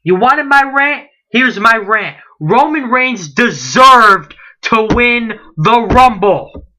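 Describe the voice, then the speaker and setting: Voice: medium pitch, lively intonation, slow pace, bright, forceful tone. A late-teen wrestling vlogger in a heated, indignant rant, firing off rhetorical questions and repeating himself. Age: late teens.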